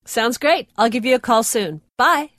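A woman's voice: fairly high pitch, lively intonation, moderate pace, fairly bright tone. A woman reading a friendly, casual dialogue part in a language-lesson recording.

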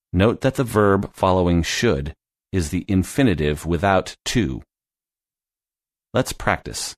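A man narrating a scripted English lesson, explaining grammar in a clear, deliberate way. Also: sits low, dry recording, clean studio sound. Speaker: English teacher.

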